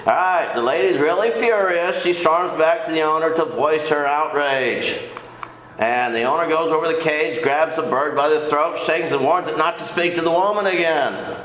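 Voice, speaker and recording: A man's voice: fairly high pitch, normal speed, fairly bright tone, slight background noise. An older man teaching a casual Bible lesson in a folksy, rambling way, often repeating himself. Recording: echoey room.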